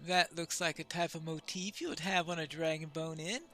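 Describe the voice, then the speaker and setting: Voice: mid-range voice, fairly even intonation, normal speed, a bit bright, soft background music. A player commenting on a fantasy game, musing and thinking aloud. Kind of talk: let's-play commentary.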